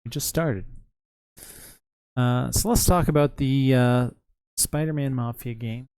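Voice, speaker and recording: A man's voice: mid-range voice, a little slow, darkish tone, clean tone, no room sound, studio quality. A tired man streaming live, rambling casually and answering chat as he runs an online Mafia game. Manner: rambling, responds to chat messages.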